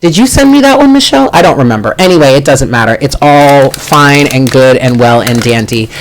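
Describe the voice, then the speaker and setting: A man hosting a casual live stream as a tarot reader, chatty, self-deprecating and quick to exclaim. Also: mid-range voice, lively intonation. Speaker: tarot reader and channel host.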